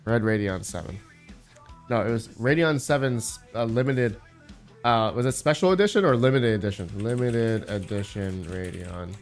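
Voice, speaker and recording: A man's voice: medium pitch, lively intonation, moderate pace, soft background music. A man hosting a casual live stream, rambling as he thinks aloud and answers his chat.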